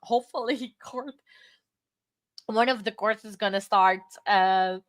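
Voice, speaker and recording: A woman hosting a livestream, talking in a rambling, halting way while she has the hiccups. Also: mid-range voice, no room sound. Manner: rambling, self-interrupting, halting. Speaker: livestream host. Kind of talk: casual livestream chat. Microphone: desk microphone.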